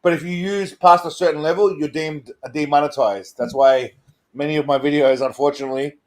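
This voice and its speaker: An Australian man talking in a casual livestream chat, with a voice pitched somewhat high for a man. He rambles, trips over his words and laughs often as he explains things. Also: fairly even intonation, a little fast. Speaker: co-host of a livestream show.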